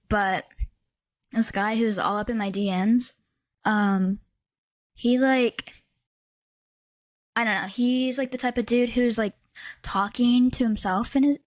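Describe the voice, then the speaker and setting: A young woman in her twenties, co-hosting a casual podcast. She has a fairly high voice and tells stories with animated energy, filling her talk with "like". The recording is close and dry, with no room sound. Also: no echo. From Midwestern United States. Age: 20s. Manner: animated storytelling, heavy use of "like". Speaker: podcast co-host. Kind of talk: casual chat.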